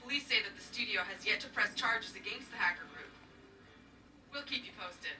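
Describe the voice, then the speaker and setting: A woman's voice: medium pitch, animated, moderate pace, roomy sound, over music, natural voice. An actress playing a composed female news anchor reading a video game newscast. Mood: newsreading. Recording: game audio heard from a distance.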